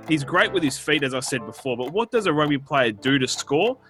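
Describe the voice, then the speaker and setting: A man's voice: fairly high pitch, expressive, brisk, a bit bright, soft background music. A man, co-hosting a casual sports debate podcast, jokey and rambling with fillers. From Australia. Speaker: podcast co-host.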